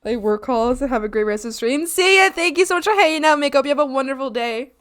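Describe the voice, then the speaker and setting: A woman's voice: high-pitched, fast talker. A woman chatting casually with her viewers during an art stream, her voice sitting well above the usual range. She swoops up and down all the time, giggling and squealing. She greets people by name and begs her chat to behave. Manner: excitable and giggly, often squealing and pleading with chat.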